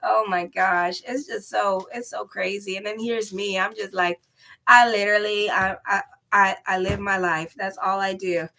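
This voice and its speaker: A woman's voice: medium pitch, steady tone, moderate pace, gravelly, bright, forceful tone. A middle-aged woman astrologer rambling candidly and laughing often between tarot horoscope readings. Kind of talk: casual chatty horoscope vlog.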